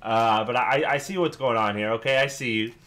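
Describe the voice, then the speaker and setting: Dude reacting to a rap battle, hyped, swears a lot, casual commentary. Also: male voice, mid-range voice, fairly quick. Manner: excitable, swearing, hyping up lines. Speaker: reaction video host.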